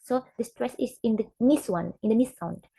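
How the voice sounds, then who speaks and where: A young woman, a student giving a class presentation, who talks haltingly and repeats example words aloud. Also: on the high side, gravelly, dark tone, breathy edge, poor audio. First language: Indonesian.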